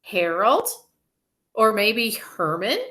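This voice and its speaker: A small, wistful boy porcupine with a high, lilting, bright voice that swings up and down, polite and gentle, as a woman reads him aloud. He talks slowly and sweetly, like a storybook character. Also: animated, heavily acted, low-quality recording. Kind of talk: storybook reading.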